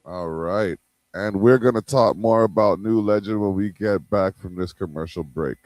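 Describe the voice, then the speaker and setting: A male host leading a relaxed, slangy conversation with a guest. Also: low-pitched, normal speed, dry recording. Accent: Canadian English. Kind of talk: casual interview hosting.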